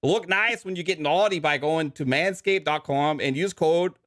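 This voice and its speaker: A man's voice: moderate pace, dry recording, clean studio sound, natural voice. Man putting on a hammy Canadian ad voice. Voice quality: exaggerated Canadian accent ending lines with 'eh'. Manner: joking, playful, slightly higher and louder.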